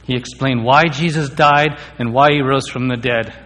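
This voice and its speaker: A man's voice: medium pitch, steady tone, moderate pace, a bit bright. A man telling his personal faith testimony in an earnest way, sometimes stammering on key words. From India. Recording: long reverb of a hall.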